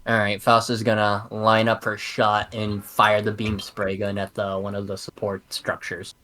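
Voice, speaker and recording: A man's voice: fairly low pitch, monotone, moderate pace, bright, forceful tone, slight background noise. A man playing in a tabletop game, talking casually and rambling, often correcting himself mid-sentence. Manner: rambling, self-correcting speech. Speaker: player.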